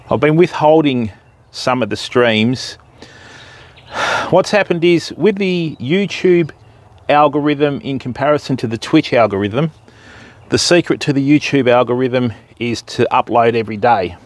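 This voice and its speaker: Speaking slowly with frequent pauses, this Australian host has a mid-range voice and lively intonation. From a riverside spot outdoors, he runs a fishing livestream, chatting and joking with viewers and calling them by name.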